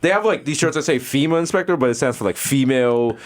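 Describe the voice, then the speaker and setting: A man from the Bronx, co-hosting a podcast with animated, mocking storytelling. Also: mid-range voice, fast talker. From the Bronx, New York. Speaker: podcast co-host. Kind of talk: casual chat.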